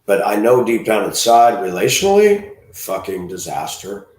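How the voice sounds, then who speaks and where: A man ranting crudely in a monologue, breaking into loud outbursts and mocking voices. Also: lowish voice, very animated, moderate pace, roomy sound. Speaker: host.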